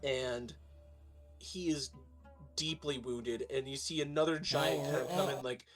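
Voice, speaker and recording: A man narrating as game master of a tabletop game, talking in a halting way with many fillers, over a stream with faint music behind. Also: mid-range voice, fairly even intonation.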